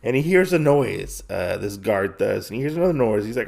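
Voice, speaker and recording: Gravelly man casually recapping a comic. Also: lowish voice, very animated, a little fast, a little mellow. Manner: rambling, lots of fillers. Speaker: podcast host.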